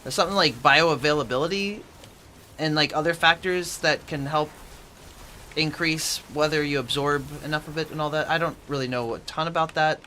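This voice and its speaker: A man's voice: fairly high pitch, normal speed, bright, forceful tone, a little hiss or hum. A man streaming at home from his apartment, casually chatting with viewers and answering their chat messages aloud as he plays.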